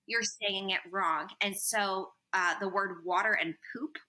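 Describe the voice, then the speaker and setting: A woman guest on a podcast interview, telling stories in an animated way with "um" and "man" fillers. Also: medium pitch, a little slow, poor audio. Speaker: podcast guest, former missionary. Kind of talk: casual interview storytelling.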